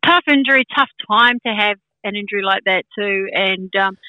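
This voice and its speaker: A woman's voice: mid-range voice, moderate pace, bright, forceful tone, dry recording, dull audio. A woman from New Zealand giving casual sports chat as a football pundit, chatty with many fillers.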